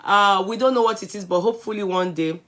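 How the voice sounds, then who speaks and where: A middle-aged Nigerian woman talks to her live-stream audience in a bright, clear voice. She is chatty and greets each viewer by name. She now and then switches into Yoruba phrases. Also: medium pitch, quick pace. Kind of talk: casual live-stream chat.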